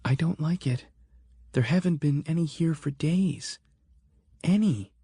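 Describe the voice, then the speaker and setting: A man's voice: a little high, a little slow, dark tone, breathy edge, no echo, clean studio sound, voice pushed up. A man voicing a worried young woman who gives directions in a tense, uneasy way.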